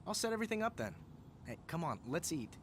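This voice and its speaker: A man's voice: on the high side, big pitch swings, fast talker, a little hiss or hum. A man voicing an eager, friendly young executive in a video game.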